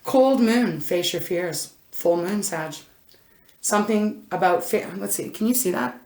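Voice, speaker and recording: A woman's voice: medium pitch, expressive, unhurried, a little mellow, echoey room. A woman giving an intuitive card reading to camera, chatty and rambling, breaking off often to exclaim and restart. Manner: chatty, rambling, self-interrupting, frequent "oh my gosh". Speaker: intuitive tarot reader. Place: indoor room. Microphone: camera mic.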